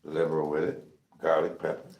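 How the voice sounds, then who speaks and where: A man's voice: very deep voice, monotone, brisk, darkish tone, roomy sound. A man cooking in his home kitchen for a casual vlog, chatting and calling out to his viewers as he seasons his food. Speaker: cooking vlogger.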